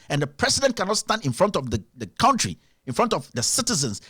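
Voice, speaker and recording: Indignant man, lively high voice. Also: no echo, clean studio sound. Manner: emphatic, repetitive, indignant. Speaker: live-stream show host. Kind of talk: impassioned political commentary.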